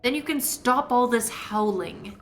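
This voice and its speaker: Woman voicing a high, unfussy game witch, dry and practical, faint music under her. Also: a little slow, natural voice. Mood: brisk. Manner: dry, matter-of-fact. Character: brisk, no-nonsense young witch. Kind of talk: reading game dialogue aloud.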